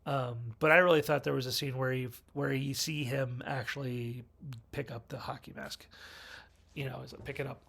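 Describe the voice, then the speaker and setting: Gravelly man rambling through a movie review. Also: mid-range voice, steady tone, moderate pace, a bit bright. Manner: rambling, chatty, wry asides and self-corrections. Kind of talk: casual film review monologue.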